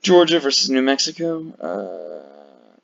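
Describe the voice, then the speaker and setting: Gravelly, tired man rambling casually. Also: mid-range voice, very animated, slow pace, background noise. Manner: rambling, profane, many fillers. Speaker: video creator ranking flags. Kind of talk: casual commentary. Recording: dull lo-fi mic.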